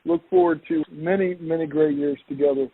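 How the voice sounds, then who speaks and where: A man's voice: on the high side, steady tone, fairly quick, breathy edge, no echo. A man hosting a podcast interview, enthusiastic and welcoming toward his guest. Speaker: podcast host. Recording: dry tinny phone-like line.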